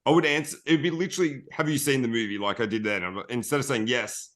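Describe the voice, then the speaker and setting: Australian man, podcast guest, chatty and rambling, mid-pitched. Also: quick pace, fairly bright tone. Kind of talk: casual podcast chat.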